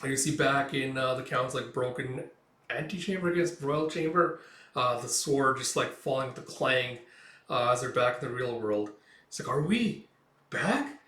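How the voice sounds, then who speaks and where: A man's voice: medium pitch, steady tone, normal speed, fairly bright tone. A man narrating a comic casually, with many fillers and reactions. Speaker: manga read-along host. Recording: roomy echo, distant mic.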